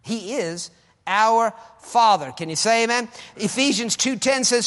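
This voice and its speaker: Fervent male preacher, high voice, echoing sanctuary reverb. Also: moderate pace. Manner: fervent, swings between shouting and soft asides. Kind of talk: sermon. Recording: echoey hall with long reverb.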